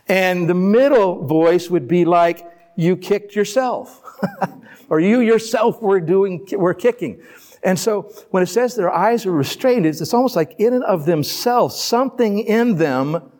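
Man, pastor, sermon, somewhat high pitch, conversational, rhetorical questions, playful asides, live congregation. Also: darkish tone. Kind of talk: sermon, reading and explaining scripture. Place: church before a live congregation.

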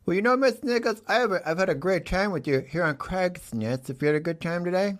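A man hosting a comedy talk show in a mock-serious, deadpan way, playfully bossing his guest around. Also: high-pitched, a little fast.

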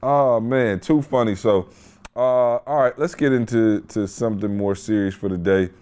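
A man co-hosting a casual podcast, telling stories in an animated way and laughing often. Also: lowish voice, normal speed, clear, resonant tone. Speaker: podcast co-host.

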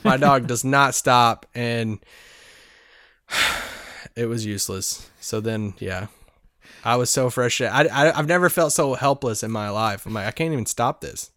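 A man co-hosting a sports podcast, telling a story in a lively, laughing way. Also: medium pitch, moderate pace, no room sound, clean studio sound. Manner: animated storyteller, laughs often. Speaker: podcast co-host. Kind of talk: casual podcast chat.

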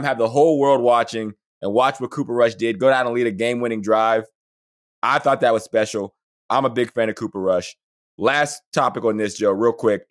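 Upbeat man in his thirties chatting. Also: mid-range voice. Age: 30s. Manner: animated, laughs often, quick asides. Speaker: podcast co-host. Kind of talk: casual sports chat.

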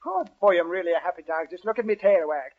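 A man's voice: high voice, expressive, quick pace. An actor playing a cheerful Irish policeman turned into an Irish setter, with a put-on Irish brogue, in 1940s radio comedy acting. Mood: jaunty. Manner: boisterous, joking, sing-song brogue. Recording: dull, hissy 1940s radio broadcast.

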